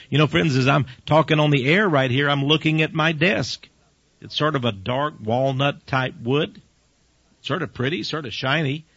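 A man's voice: on the high side, unhurried, fairly bright tone, slightly rough, dry recording. A man preaching a folksy radio sermon from his office desk, chuckling between his points. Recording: dull dry lo-fi radio recording.

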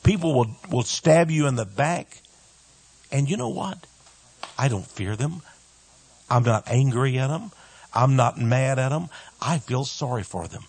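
A man preaching a radio sermon with great emphasis, dropping to soft asides and rising to loud cries, sometimes mimicking his critics in mocking voices. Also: medium pitch, lively intonation, a little slow, long pauses, breathy edge.

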